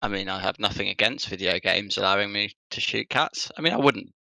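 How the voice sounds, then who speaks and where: A man's voice: on the low side, a little fast, creaky, bright, forceful tone, no room sound, low-quality recording. A man co-hosting a casual podcast, talking with a dry, sarcastic wit. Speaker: podcast co-host. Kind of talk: casual chat.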